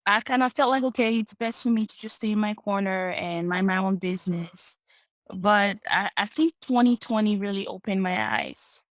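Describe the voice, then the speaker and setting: A woman in her late twenties telling personal stories as a podcast guest, soft-spoken, reflective and earnest. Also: mid-range voice, no echo. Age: 20s. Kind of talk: personal storytelling.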